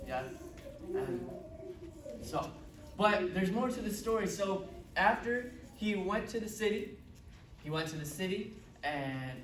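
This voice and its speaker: A man teaching children a Bible lesson, asking them questions encouragingly. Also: on the high side. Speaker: Sunday school teacher. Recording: roomy distant classroom audio with noise.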